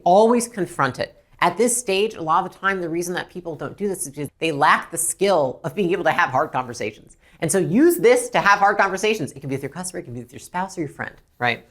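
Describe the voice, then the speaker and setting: Blunt, lively woman coaching. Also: fairly low pitch, fast, hardly any pauses. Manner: blunt and animated, swears freely. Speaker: business coach. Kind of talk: teaching a training lesson.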